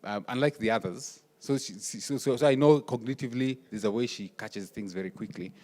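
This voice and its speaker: A man leading a workshop talk, telling family stories in an animated way and acting out the dialogue. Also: medium pitch, brisk. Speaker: workshop speaker. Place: conference hall. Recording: reverberant hall.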